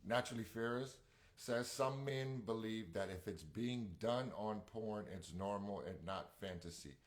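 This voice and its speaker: A man's voice: fairly low pitch, measured pace. A man co-hosting a relationship talk show, chatting casually, reading out viewer comments and rambling with slang and restarts. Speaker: podcast co-host reading live comments. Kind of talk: casual chat.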